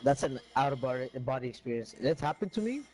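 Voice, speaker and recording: A man's voice: mid-range voice, expressive, fast, a little mellow, low-quality recording. Laid-back gamer man saying "bro" a lot. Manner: laid-back, says "bro" constantly, hedging. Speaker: gamer chatting with friends. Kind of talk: casual chat.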